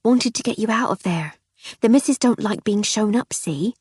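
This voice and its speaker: A woman's voice: medium pitch, animated, normal speed, darkish tone, husky, no room sound, clean studio sound, pitched above the performer's own voice. A woman voicing a plain-spoken, confiding young housemaid in an audiobook.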